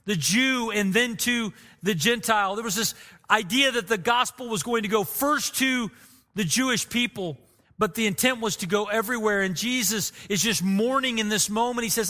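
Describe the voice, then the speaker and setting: A man's voice: high-pitched, moderate pace, sharp tone, long reverb tail. A man preaching a sermon as pastor, earnest and emotive, repeating phrases for emphasis.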